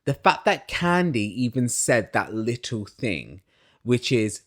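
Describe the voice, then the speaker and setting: A man talks through a reality show episode in loose, opinionated commentary, his pitch leaping up and down as he gets worked up. He swears freely and jumps from loud excited bursts to hushed asides. His voice sits in a middle register. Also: slow. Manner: opinionated, swears, mimics cast members in high voices. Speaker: reality TV recap host. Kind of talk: casual recap commentary.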